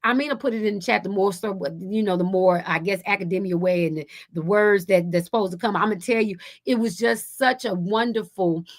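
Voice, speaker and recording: Woman, radio guest, animated storyteller, rambling, jumps high to act out quoted voices. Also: brisk, hardly any pauses. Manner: rambling with frequent restarts. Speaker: radio show guest, school co-founder. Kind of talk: casual storytelling interview.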